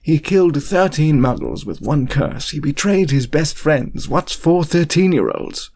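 A man's voice: a little high, sing-song, measured pace, a little mellow, voice pushed up, heavily acted. A man voicing an earnest, desperate grown wizard in an audiobook reading, speaking with urgent, pleading questions. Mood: anguished.

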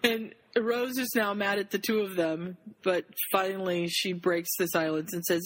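A woman's voice: mid-range voice, unhurried, poor audio. A woman on a group call, casually retelling and reading a fan story to friends. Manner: retells the story in lively summaries.

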